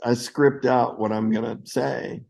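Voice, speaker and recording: Lively older man telling stories. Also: medium pitch, measured pace, creaky, low-quality recording. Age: 60s. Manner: lively anecdotes, acting out quoted voices. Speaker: actor guest. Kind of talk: casual interview storytelling.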